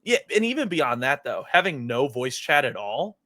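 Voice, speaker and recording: Bright, animated young man telling stories. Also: medium pitch, moderate pace. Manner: animated storytelling, swears a lot, laughs often. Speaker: podcast co-host. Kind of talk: casual podcast chat.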